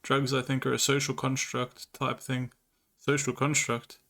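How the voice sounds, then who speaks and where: Guy streaming and shooting the breeze, crude jokey stories, bright voice. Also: medium pitch, monotone, normal speed, gravelly. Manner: crude, laughing storytelling. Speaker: livestreamer. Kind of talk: casual livestream chat, reading chat.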